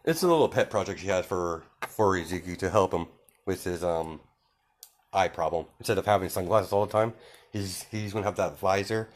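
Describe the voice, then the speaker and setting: Halting low-voiced young man rambling a story. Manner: rambling, halting, many fillers and restarts. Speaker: fan storyteller. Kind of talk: improvised spoken fan story.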